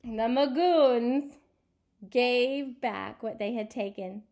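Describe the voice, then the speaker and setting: A woman's voice: a little high, slow. A woman reading a picture book aloud to children, asking them questions as she goes. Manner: asks listeners questions, animated.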